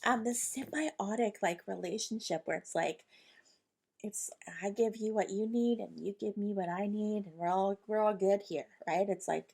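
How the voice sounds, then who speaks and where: A woman's voice: mid-range voice, moderate pace, gravelly, a little mellow. A woman hosting a podcast, talking casually and ramblingly about spiritual guidance, with lots of fillers and quoted inner dialogue. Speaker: podcast host, intuitive channeler.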